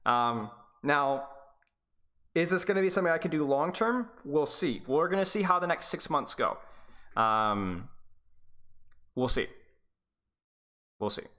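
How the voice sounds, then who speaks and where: A man chats casually on a live stream as an esports coach. His voice is bright and forward, and he rambles, stutters and restarts his sentences as he goes. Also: a little high, very animated, measured pace, pauses often.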